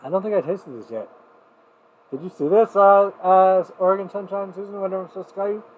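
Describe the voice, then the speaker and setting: A man's voice: sits high, quick pace, phone-quality sound, a little hiss or hum. Profane, rambling man hosting a livestream. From New Mexico. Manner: profane, digressive storytelling, swings loud and soft. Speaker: livestream showcase host. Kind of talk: rambling casual livestream chat. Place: home.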